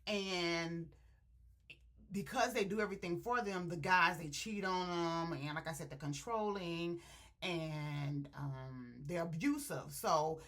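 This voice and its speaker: A woman's voice: on the low side, slow pace. Woman animatedly retelling a book scene. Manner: animated storytelling, quotes characters at length; laughs often while retelling. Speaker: book reviewer.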